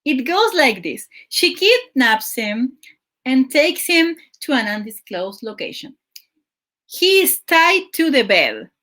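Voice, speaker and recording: A woman's voice: high voice, very animated, slow, pushed and bright. A woman hosting her show, casually recapping a telenovela in a chatty, exasperated way with lots of fillers. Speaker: show host.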